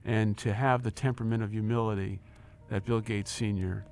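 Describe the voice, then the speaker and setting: Gravelly man telling a story with energy. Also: fairly low pitch, normal speed. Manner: animated storyteller, acts out quoted dialogue, repeats words when excited. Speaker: interview guest, former company chief. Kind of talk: storytelling in an interview.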